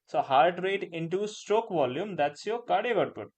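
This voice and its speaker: Lively in his intonation and speaking at a normal speed, a high-voiced pharmacology teacher with an Indian English accent delivers a live online lecture. He tends to repeat phrases, ends lines with "right?", and mixes in Hindi words.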